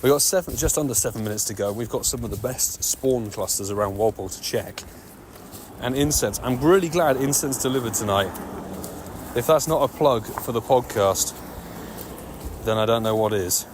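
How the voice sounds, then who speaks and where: A man talks nonstop as he walks city streets on a live stream, narrating each find with excitable, chatty energy. His voice sits at an ordinary middle pitch. Loud traffic and street noise surround him throughout. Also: normal speed. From United Kingdom. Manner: chatty, excitable running commentary, talking nonstop like a radio DJ. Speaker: streamer playing a mobile game. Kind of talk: live-stream commentary while walking.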